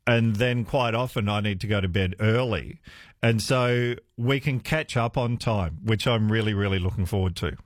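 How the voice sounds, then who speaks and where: A man's voice: on the low side, normal speed, dry recording, studio quality. A man hosting a talkback radio show, laughing often and reassuring callers. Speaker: radio host. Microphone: studio microphone.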